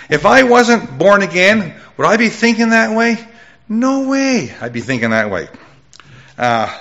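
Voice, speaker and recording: A middle-aged man preaching his life testimony with a loud voice, telling his story with lively jumps in pitch. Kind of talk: testimony sermon.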